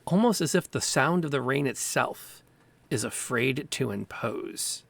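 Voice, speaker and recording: A man's voice: medium pitch, unhurried, creaky, no room sound. A man narrating as game master of a tabletop role-playing game, describing scenes and calling for dice rolls. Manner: relaxed, descriptive, with small vocal sound effects. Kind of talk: narrating a tabletop game over a video call.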